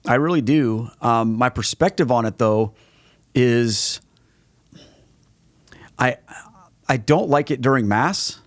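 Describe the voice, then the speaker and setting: A man's voice: mid-range voice, takes it slowly, pauses often, no room sound. A middle-aged man, a guest on a podcast, answering questions in an earnest, conversational way and often restarting his phrases. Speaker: guest, Catholic evangelist.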